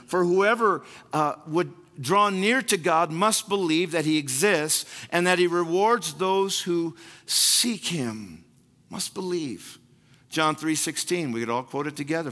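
A man delivers a sermon from the pulpit, his fairly high, bright voice ringing through a large, reverberant church hall. He preaches emphatically, repeating key phrases for weight and acting out prayers and other people's words. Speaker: pastor.

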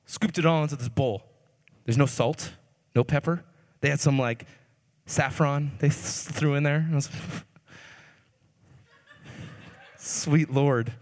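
Animated high-voiced preacher in a hall. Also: male voice, unhurried, pauses often. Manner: animated, jokey, swings between loud and hushed. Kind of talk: storytelling sermon. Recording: long reverb of a hall.

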